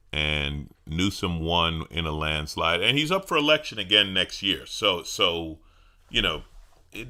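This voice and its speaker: A man's voice: deep voice, pushed and bright. A middle-aged man hosting a podcast from home, talking in a wry, conversational way and often repeating his first words as he gets going. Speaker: podcast host, comedian. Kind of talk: casual solo podcast monologue. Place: at home with his dog nearby.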